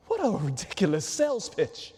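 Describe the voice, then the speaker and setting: A man, a Catholic priest, preaching a sermon in an animated way, full of rhetorical questions. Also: a little high. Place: large church. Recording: long church reverb.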